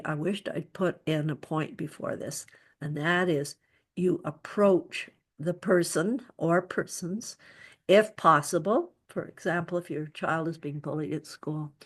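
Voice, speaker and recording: Woman w a lowish voice giving earnest advice, restarts a lot, talk on feeling safe. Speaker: speaker. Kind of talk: talk on psychological safety.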